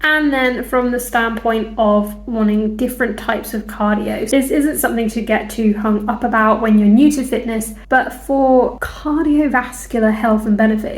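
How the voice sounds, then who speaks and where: Brief: young woman, fitness vlogger, chatty and self-mocking, sits a touch high, clip-on mic. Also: steady tone, a little slow. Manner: chatty, self-deprecating, laughs at herself. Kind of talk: casual vlog chat to camera. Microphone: clip-on lapel mic held in hand.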